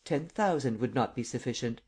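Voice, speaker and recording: A man voicing a confident gentleman thief who answers gravely and with quiet assurance, in an audiobook. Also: mid-range voice, lively intonation, normal speed. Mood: poised. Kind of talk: audiobook character reading.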